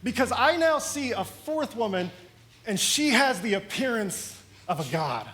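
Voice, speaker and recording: A man's voice: very high voice, sing-song, unhurried, bright, forceful tone, a little hiss or hum, voice pushed up, exaggerated voice. A man voicing a ruthless, commanding male president during a sermon retelling. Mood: stern.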